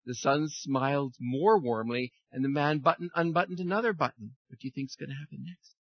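A man leading a children's message in church, speaking in a friendly, animated way to children and reading them a story. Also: medium pitch, fairly quick, no echo, dull audio.

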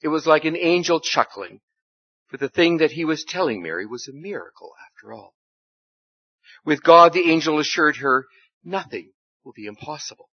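A man reading a story aloud in a church service, with expressive, dramatic delivery. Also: fairly high pitch, normal speed, dry recording. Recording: slightly dull, dry recording.

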